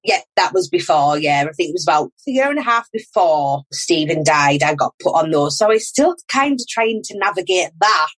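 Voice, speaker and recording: A woman's voice: on the low side, big pitch swings, a little fast, few pauses, a bit bright. A woman in her thirties, speaking frankly and at length as a podcast guest, laughing off hard memories. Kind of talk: candid personal conversation.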